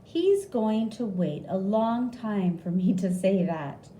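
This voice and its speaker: Woman reading as a quiet hospital doctor. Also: expressive, slow, roomy sound, a little hiss or hum. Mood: confiding. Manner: raised pitch, speaks quietly.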